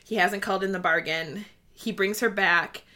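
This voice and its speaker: Bright-voiced gushing woman in casual chat. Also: medium pitch, moderate pace. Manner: gushing, animated, swears freely, reads passages aloud. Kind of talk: casual book discussion chat.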